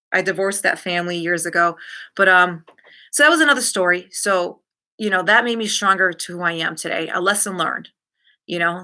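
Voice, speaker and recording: A middle-aged woman hosting a live stream, talking frankly to her viewers and telling a personal story with lively asides. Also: mid-range voice. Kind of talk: candid live-stream talk.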